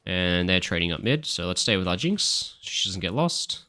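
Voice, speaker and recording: Bright, animated man coaching his game live. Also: deep voice, normal speed, clean tone. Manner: heated, swearing, barking orders at teammates. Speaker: streamer and coach. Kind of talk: live gameplay commentary.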